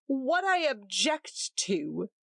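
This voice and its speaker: A woman's voice: mid-range voice, normal speed, dry recording, studio quality, lightly acted. A woman doing a curt, stubborn husband. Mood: stern. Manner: short, steady, cold.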